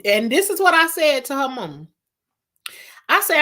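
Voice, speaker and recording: A woman's voice: sits high, very animated, a little slow, pauses often, bright, forceful tone. A middle-aged woman, telling a storytime vlog in an emphatic, exasperated way. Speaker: vlogger.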